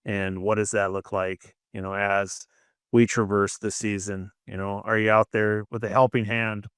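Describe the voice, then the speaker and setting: Low-voiced Midwestern man, rambling with fillers. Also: little pitch movement, normal speed, a bit bright, smooth, no room sound, clean studio sound. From Minnesota. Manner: rambling, frequent "you know" fillers. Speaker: podcast co-host. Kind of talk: casual faith-based chat.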